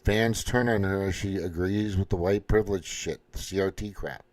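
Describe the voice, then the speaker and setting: A middle-aged man, pitched a little low, rants casually over clips. His delivery is sarcastic and crude, heavy on swearing. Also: fairly even intonation, moderate pace, a little mellow. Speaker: commentary host. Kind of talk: casual reaction commentary.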